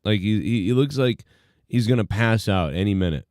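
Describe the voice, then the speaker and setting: A man's voice: on the low side, normal speed, darkish tone, dry recording, studio quality. A man hosting a live stream, talking in a laid-back, rambling way with plenty of fillers. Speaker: host of a live-streamed show. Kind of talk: casual live-stream commentary.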